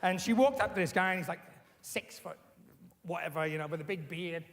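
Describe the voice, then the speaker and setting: High-voiced man telling stories. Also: fairly quick. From Australia. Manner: animated, blunt, swears freely. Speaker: interviewee. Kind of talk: casual storytelling.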